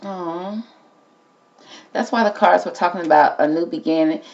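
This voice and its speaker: A woman's voice: lowish voice, normal speed, a little mellow, lo-fi sound. A woman hosting a casual tarot reading, talking to the cards and calling everyone "girl". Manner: chatty, talks to the cards and calls everyone girl. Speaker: tarot reader host.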